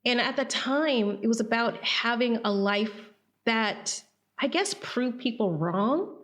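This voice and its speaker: A woman from Atlanta, a guest on a podcast interview, telling her story in a lively way and acting out the voices of people she quotes. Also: fairly high pitch, slow. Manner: animated, acts out quoted voices.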